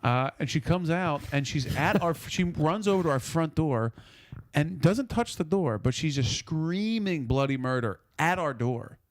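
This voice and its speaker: A man's voice: a little high, expressive, a little slow. A man co-hosting a podcast, telling a rambling story in casual chat and acting out the people in it between laughs. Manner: rambling, laughing storyteller who acts out quotes. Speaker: podcast co-host.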